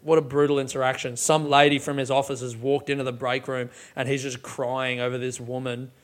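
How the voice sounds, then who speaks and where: A man's voice: mid-range voice, level tone, fairly quick. A young man casually breaking down song lyrics, swearing freely and laughing often as he talks. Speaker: music reviewer.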